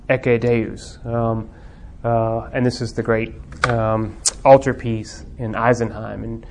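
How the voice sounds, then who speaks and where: A man's voice: mid-range voice, level tone, slow pace, hardly any pauses, slight background noise. Guy teaching a bible class, thoughtful, lots of ums, gets fervent. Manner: reflective, with many fillers, rises to fervent emphasis. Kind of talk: lecture on theology and religious art.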